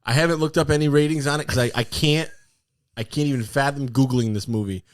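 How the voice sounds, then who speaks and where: A man's voice: medium pitch, quick pace, dry recording. A man co-hosting a podcast, telling stories animatedly and laughing often. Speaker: podcast co-host. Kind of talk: casual chat.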